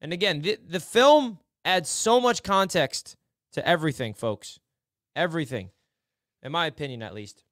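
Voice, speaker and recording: A man hosting a casual football film breakdown, excitable, dropping to low mutters and then shouting in frustration or delight. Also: moderate pace, dry recording, clean studio sound. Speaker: sports film breakdown host.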